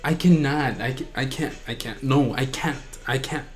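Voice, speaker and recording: A man hosting a reaction video, gushing with excitement and often breaking into shrieks and squeals. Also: mid-range voice, normal speed, faint music behind. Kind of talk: excited fan reaction commentary.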